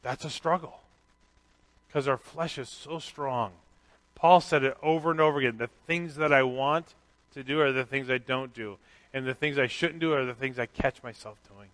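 A middle-aged pastor giving a candid, conversational sermon with self-deprecating asides. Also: male voice, medium pitch, moderate pace, fairly bright tone.

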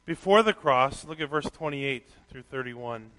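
A man preaching a sermon, reading scripture aloud and swinging from quiet reflection to loud, animated emphasis. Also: medium pitch, unhurried. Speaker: pastor. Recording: long hall reverb.

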